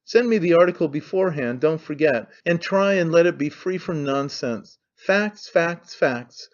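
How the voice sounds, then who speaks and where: A man's voice: on the high side, animated, normal speed, lo-fi sound, lightly acted. A man voicing a brash young man who mocks his father in an offhand, needling way. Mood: scornful. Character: young man, mocking, cynical, brash son.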